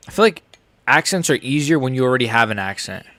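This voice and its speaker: A man's voice: mid-range voice, animated, fast talker, bright, forceful tone, dry recording. A young American man hosting a live stream, reacting to fights in a rambling, casual, jokey way.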